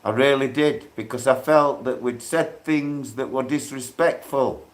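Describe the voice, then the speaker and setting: A man, hosting a casual livestream while in pain, rambling and quickly turning irate. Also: medium pitch. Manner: rambling, grows irate and loud when aggrieved. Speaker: livestreaming channel host.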